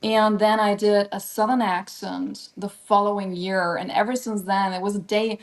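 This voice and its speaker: A woman's voice: mid-range voice, flat delivery, moderate pace. A woman with a non-American accent, an actor guest giving thoughtful, lengthy interview answers.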